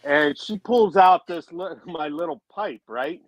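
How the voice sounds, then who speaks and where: A man's voice: high voice, animated, a little slow, dry recording, rough recording. A middle-aged man telling laid-back anecdotes about his youth in a casual chat, chuckling now and then.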